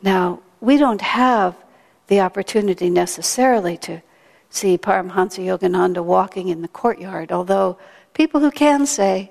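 A woman giving a sermon, telling stories in a gentle, reflective way. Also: medium pitch, normal speed, vocal fry. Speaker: spiritual teacher. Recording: long hall reverb.

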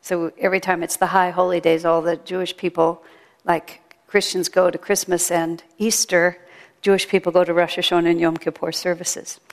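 A woman's voice: on the low side, level tone, normal speed, creaky. A woman giving a chatty, storytelling sermon at a temple. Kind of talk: sermon with a told joke. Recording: long hall reverb.

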